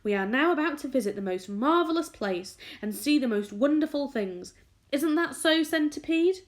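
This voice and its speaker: Kind female ladybird, motherly, reassuring, lively pitch, read by a woman. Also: normal speed. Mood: cheerful. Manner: gentle, reassuring.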